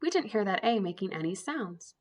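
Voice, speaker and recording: A woman's voice: medium pitch, big pitch swings, a little fast. A woman teaching an early reading lesson to young children, sounding out letters one by one in an encouraging way.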